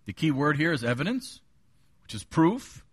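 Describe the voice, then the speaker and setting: A man's voice: on the high side, big pitch swings, normal speed, slightly rough, dry recording, studio quality. A man preaching a Sunday sermon, stressing and repeating key phrases. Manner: emphatic, repeats key phrases, occasional chuckle. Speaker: pastor.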